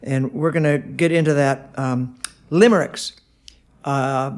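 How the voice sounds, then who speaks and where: A man giving a casual video lesson on songwriting, halting with many fillers and sounding out rhythms as syllables. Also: medium pitch, steady tone, darkish tone. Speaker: songwriting teacher.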